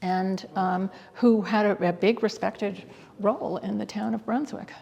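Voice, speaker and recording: A woman's voice: medium pitch, steady tone, a little slow, gravelly, darkish tone. A woman curator talking in an interview, enthusiastic and hesitant, with many fillers and restarts. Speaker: guest curator. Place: exhibit hall. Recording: long hall reverb.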